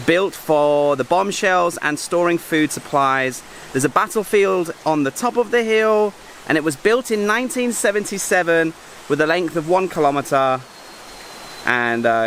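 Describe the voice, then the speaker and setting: A man filming a casual travel vlog outdoors, chatty and excitable, making joking asides to the camera while walking through a jungle park. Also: a little high, slight background noise. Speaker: travel vlogger.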